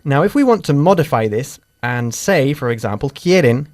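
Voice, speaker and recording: Lively, upbeat male teacher. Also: medium pitch, normal speed, dry recording, clean studio sound. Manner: animated, emphatic, switching between English and Spanish. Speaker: English teacher. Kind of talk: bilingual English lesson drills. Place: studio.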